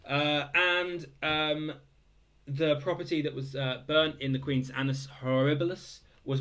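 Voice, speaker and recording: A man's voice: medium pitch, measured pace, a bit bright. Hesitant young Englishman reading quiz answers. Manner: hesitant, many fillers, dry joking asides. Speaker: quiz host. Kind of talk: casual quiz answer read-through.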